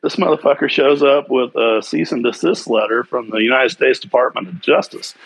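A man telling a story in casual podcast chat, animated and swearing freely. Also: mid-range voice, a little fast, gravelly, husky, no room sound, low-quality recording. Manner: animated storytelling, heavy swearing, quotes others.

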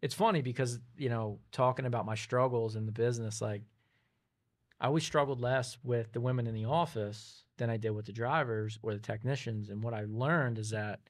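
A man's voice: mid-range voice, fairly quick. A man talking as a guest in a casual interview, thoughtful and a little hesitant as he speaks. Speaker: business owner guest.

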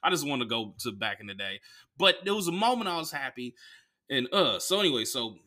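A man from the Bay Area, a comedian and podcast host, telling stories in an animated, profane way with lots of "like". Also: medium pitch, fairly quick. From San Francisco Bay Area. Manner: animated, profane, heavy use of "like". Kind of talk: casual comedic storytelling.

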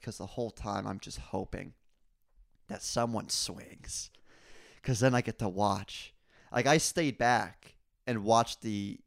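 A young man hosting a casual solo podcast, telling rambling stories full of crude jokes and swearing, and getting louder and higher when he is worked up. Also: creaky, dry recording, studio quality. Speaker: podcast host.

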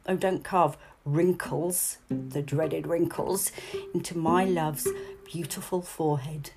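A woman's voice: low voice, fairly even intonation, slow, music in the background. A woman teaching a poetry lesson, reading lines aloud and rephrasing them in a chatty way. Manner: chatty, stops to explain and rephrase.

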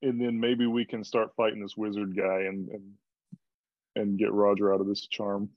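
A man's voice: on the low side, little pitch movement, moderate pace, no room sound. A man playing a tabletop game in a laid-back, easygoing way. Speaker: player. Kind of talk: casual chat. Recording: dull lo-fi mic.

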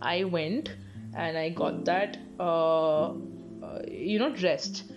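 A woman's voice: on the low side, takes it slowly, highs cut off, music in the background. A young woman from Bangalore with an Indian English accent, hosting a casual solo podcast and telling stories with frequent laughs and swearing. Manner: laughing often, swearing, chatty storytelling. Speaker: podcast host.

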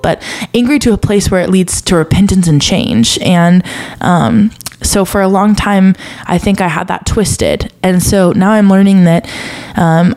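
A woman's voice: mid-range voice, a little mellow. A young woman hosting a podcast, talking earnestly and confessionally about faith, at times close to tears. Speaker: podcast host. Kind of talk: personal faith podcast talk.

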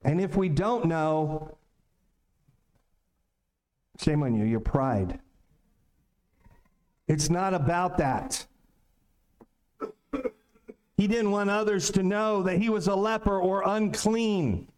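High-voiced, slow-talking male pastor. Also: a little mellow. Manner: conversational, joking, rhetorical questions. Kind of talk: sermon. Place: small-town church.

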